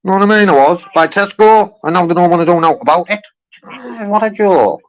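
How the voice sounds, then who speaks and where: Bloke ranting down the phone at a call centre, keeps repeating himself, dead dry sound. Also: male voice, sits high, animated, quick pace, dry recording, poor audio. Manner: insistent, repetitive, keeps saying "you know what I mean". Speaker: caller. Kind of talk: heated phone complaint.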